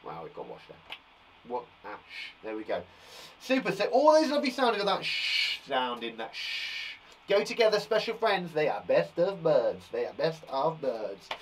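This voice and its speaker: Encouraging man teaching phonics, slow and lively. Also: medium pitch, slight background noise. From England. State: blocked nose. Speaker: primary school teacher. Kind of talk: live phonics lesson for young children.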